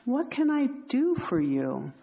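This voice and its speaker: A woman reading the lines of a calm male teacher who gives gentle commands, in a plain, measured voice. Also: fairly high pitch, creaky, heavily acted.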